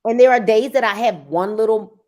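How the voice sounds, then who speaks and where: A woman sales coach in casual motivational talk, emphatic and repeating phrases for effect, sometimes breaking into loud urging. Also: on the high side, a little fast. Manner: bursts into loud urging at times.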